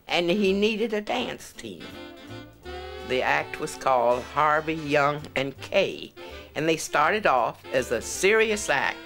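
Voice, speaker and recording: Woman, reminiscing interview, low-pitched, fond. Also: sing-song, slow, vocal fry, a bit bright, faint music behind.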